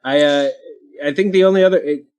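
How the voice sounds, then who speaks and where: A man from Kentucky hosting a casual panel chat, talking in quick asides full of ums and restarts. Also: on the high side, darkish tone, clear, resonant tone. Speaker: show host.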